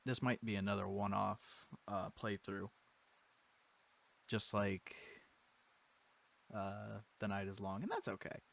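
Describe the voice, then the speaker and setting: A man's voice: lowish voice, slow pace, creaky, long pauses, a bit bright, slight background noise. A man playing a game and commenting on it, sarcastic and joking back at the story. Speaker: game player. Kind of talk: let's-play commentary.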